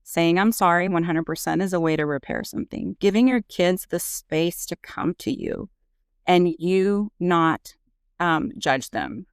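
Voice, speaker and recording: A woman's voice: fairly low pitch, lively intonation, measured pace, smooth, dry recording, studio quality. A woman nurse practitioner and parent talking candidly in a casual podcast conversation, with frequent fillers. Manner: earnest, candid, frequent "you know" fillers.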